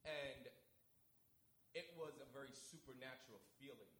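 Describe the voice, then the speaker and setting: A man speaking as a guest, telling a faith testimony in an animated way and acting out both sides of the conversations. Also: mid-range voice, normal speed, slight background noise. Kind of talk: testimony storytelling. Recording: echoey room with a crowd.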